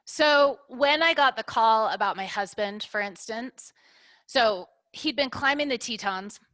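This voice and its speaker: Her voice is on the high side, unhurried and fairly bright, captured as a dry recording. A middle-aged woman who runs a business, she speaks candidly in an interview, reflecting through analogies and often concluding her points with "right?".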